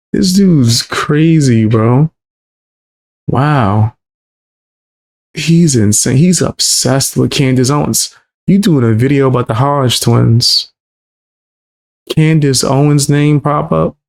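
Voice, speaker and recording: A man's voice: mid-range voice, slow, creaky, long pauses. A man streaming his reaction to a clip, mocking and incredulous, talking in heavy slang. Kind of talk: casual reaction commentary.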